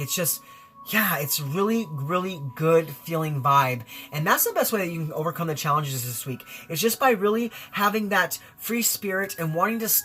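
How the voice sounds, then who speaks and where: A man's voice: on the high side, fairly bright tone. A man giving a spiritual tarot reading in an effusive, rambling way, full of fillers and repeated phrases. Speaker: tarot reader.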